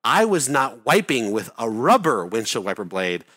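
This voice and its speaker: A man's voice: medium pitch, sing-song, normal speed, fairly bright tone. A man telling a rambling story in casual chat, full of fillers, restarts and swearing.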